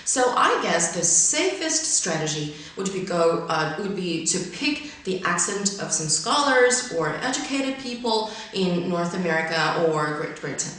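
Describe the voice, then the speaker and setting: A woman presenting an English pronunciation lesson, explaining clearly and reading word pairs carefully, her first language Chinese. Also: mid-range voice, a bit bright. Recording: very echoey room.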